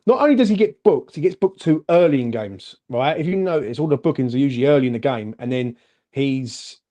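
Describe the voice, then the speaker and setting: A man co-hosting a casual football fan chat, animated and chatty, calling everyone "mate". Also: mid-range voice, a little fast. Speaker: fan channel co-host.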